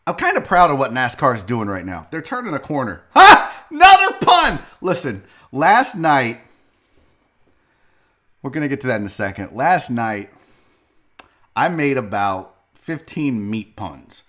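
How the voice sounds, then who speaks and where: A man's voice: mid-range voice, sing-song, unhurried, pauses often, fairly bright tone. A man hosting a live sports show, rambling and swearing loosely as he drinks on air. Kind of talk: loose live-stream talk.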